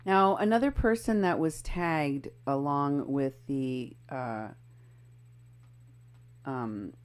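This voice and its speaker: A woman's voice: low voice, slow pace, smooth. A woman co-hosting a casual political commentary show. She sounds pointed and critical as she walks through posts and photos. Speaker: co-host.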